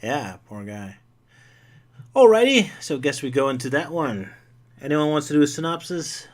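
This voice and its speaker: A man hosting a casual stream chat in a relaxed way, now and then jumping up high in pitch for an exclamation. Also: normal speed. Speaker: stream host.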